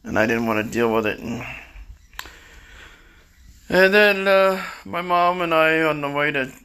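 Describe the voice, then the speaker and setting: A man's voice: a little high, a little slow, bright, forceful tone, smooth. A man in his sixties rambling through a candid, confessional personal monologue. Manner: rambling, confessional, restarts often. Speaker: storyteller recounting his life.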